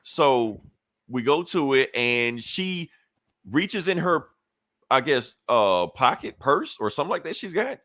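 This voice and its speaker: A man's voice: mid-range voice, sing-song, measured pace, fairly bright tone, no echo, clean studio sound. Casual, profane man recapping comics. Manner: loose, profane storytelling with frequent fillers. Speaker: podcast co-host.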